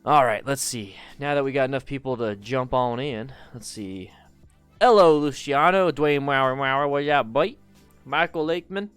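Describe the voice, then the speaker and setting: A man's voice: medium pitch, moderate pace, fairly bright tone, clean tone, no echo, soft background music. A tired, just-woken man hosting a casual live stream about motorcycles, chatting loosely, greeting viewers and humming to himself. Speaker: motorcycle channel host.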